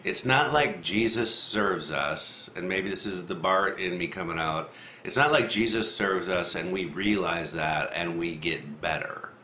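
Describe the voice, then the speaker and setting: Man, low-ish voice, bright and forceful, animated casual scripture talk, echoey room with faint noise. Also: unhurried. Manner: animated, acts out quotes with rising pitch, rambling. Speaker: lectionary commentator.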